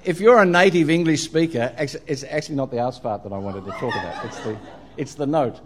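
A man's voice: medium pitch, brisk, a little hiss or hum. Australian man telling a humorous sermon. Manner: humorous storytelling, frequent ums and uhs. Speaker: preacher. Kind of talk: sermon with anecdotes.

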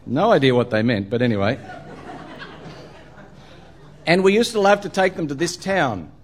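A man's voice: on the high side, big pitch swings, normal speed. Australian man telling a humorous sermon. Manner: humorous storytelling, frequent ums and uhs. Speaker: preacher. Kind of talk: sermon with anecdotes.

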